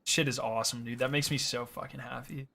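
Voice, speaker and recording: A man's voice: mid-range voice, steady tone, brisk, gravelly, bright, forceful tone, a little hiss or hum. A young man streaming a game, chatting casually with his viewers, joking and swearing as he laughs often. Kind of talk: casual live-stream chat.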